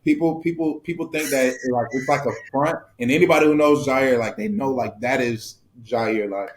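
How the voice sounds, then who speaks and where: A man's voice: mid-range voice, normal speed, a little hiss or hum. A young man, a football player being interviewed, telling stories in casual chat with many fillers and easy laughs. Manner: relaxed storytelling with fillers and laughs.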